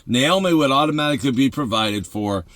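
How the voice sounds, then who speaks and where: Man preaching excitedly, lively swooping voice, laughs a lot, dry close sound. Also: medium pitch, a little fast, no echo. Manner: excitable, laughs often, emphatic repetition. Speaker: host of a devotional show.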